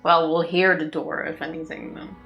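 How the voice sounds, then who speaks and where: A woman's voice: low-pitched, fairly even intonation, moderate pace, vocal fry, fairly bright tone, muffled recording, soft background music. A woman co-hosting a let's play, making dry, sarcastic quips about the game. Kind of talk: casual gaming commentary.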